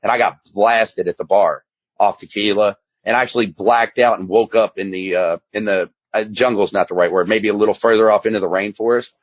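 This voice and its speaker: A man's voice: fairly low pitch, fairly even intonation, a little fast, dry recording. A man, a guest telling his story in a candid, rambling, emphatic way. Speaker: guest, addiction specialist and author. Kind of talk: casual storytelling interview. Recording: slightly muffled dry recording.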